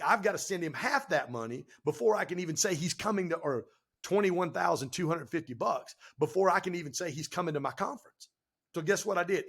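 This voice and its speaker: A man telling stories on a podcast as the guest, animated and emphatic, with casual slang. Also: on the high side, husky. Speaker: guest entrepreneur and speaker. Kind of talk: energetic podcast storytelling.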